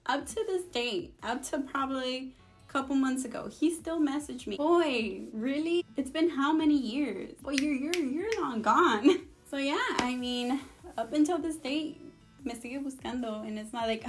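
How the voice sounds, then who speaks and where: Sassy high-voiced woman. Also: normal speed, soft background music. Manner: sassy, animated, switches between English and Spanish. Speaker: vlogger. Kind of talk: storytime vlog.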